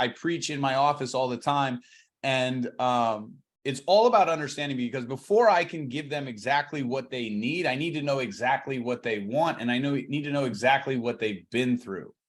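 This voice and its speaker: In a training talk for real estate agents, an energetic male coach restarts words and slows down to stress points. His voice is on the high side.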